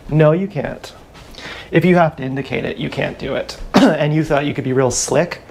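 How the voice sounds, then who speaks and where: A man's voice: a little high, moderate pace, a little mellow, a little hiss or hum. Crude, rambling man on a live stream. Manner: crude, rambling, frequent throat clearing. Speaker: livestreamer. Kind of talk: rambling livestream monologue. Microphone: action camera.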